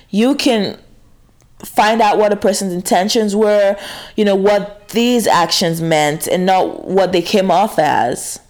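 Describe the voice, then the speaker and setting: A woman's voice: mid-range voice, a little mellow. A woman talking to the camera in a casual, confessional monologue, frank and full of fillers and restarts. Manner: frank, swears freely, many fillers and restarts.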